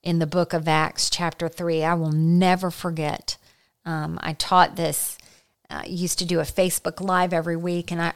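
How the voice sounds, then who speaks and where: A middle-aged woman giving an earnest, conversational Christian teaching, slowing down to stress key points. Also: fairly low pitch, fairly bright tone, clean tone. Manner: earnest, slows down for emphasis. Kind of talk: conversational sermon.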